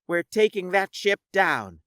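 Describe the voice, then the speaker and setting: A man voicing a calm, focused woman captain giving steady, sharp commands in an audiobook. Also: sits high, unhurried, no room sound, clean studio sound, voice pushed up.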